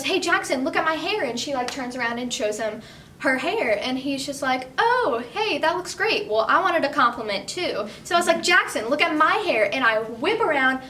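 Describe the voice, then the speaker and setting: A woman's voice: high-pitched, fairly bright tone. A teenage girl from Tennessee casually telling a funny personal story, chatty and full of filler words. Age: teens. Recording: distant mic, faint noise.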